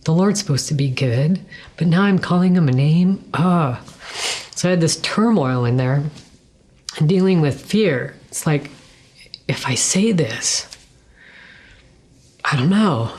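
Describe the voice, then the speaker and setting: A middle-aged woman with a low, slightly rough, darkish voice and lively intonation shares her personal testimony as a guest, telling it conversationally. She is earnest and emotional, acting out her own and others' remembered words, sometimes dropping to a whisper and pausing.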